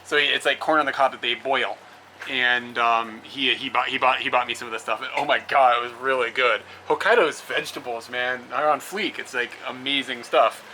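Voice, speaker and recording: A young man, apparently a travel vlogger, chats casually to his camera outdoors near roads and rest stops, rambling with fillers and laughing a lot. His medium-pitched voice is steady, brisk, bright and forceful. The outdoor camera audio is poor, with clear traffic noise.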